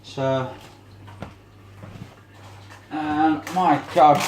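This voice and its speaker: A man's voice: on the high side, steady tone, measured pace, roomy sound, a little hiss or hum. A man vlogging in a casual, rambling way while he cleans his home kitchen, often searching for words.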